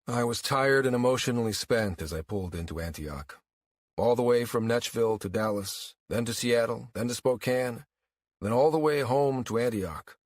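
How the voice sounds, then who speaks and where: A man narrating a first-person audiobook in a weary, wry, even-paced storytelling manner. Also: mid-range voice, normal speed, no echo, clean studio sound.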